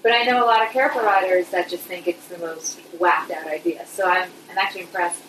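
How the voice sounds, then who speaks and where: A woman's voice: fairly low pitch, fairly even intonation, fairly bright tone, recorded from a distance. A woman hosting an interview, a childbirth educator who talks in an engaged, conversational way. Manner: engaged, conversational, quick to react. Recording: echoey room, faint background noise.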